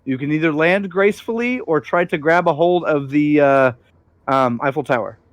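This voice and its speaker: A man narrating a tabletop role-playing game as game master, relaxed, with frequent fillers. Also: a little high, normal speed, no echo.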